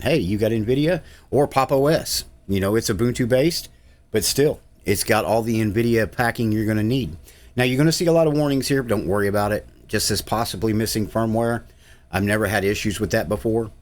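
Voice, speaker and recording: A man with a drawl narrates a screen-recorded tutorial in a low voice. He rambles easily, with frequent filler sounds, in a casual, friendly walkthrough manner. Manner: easygoing, rambling, with filler uhs. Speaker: tech channel host.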